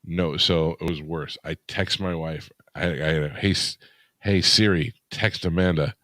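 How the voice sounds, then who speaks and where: Very deep-voiced self-mocking man. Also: fairly even intonation, unhurried, a bit bright, dry recording. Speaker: podcast co-host. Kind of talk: casual comedic chat.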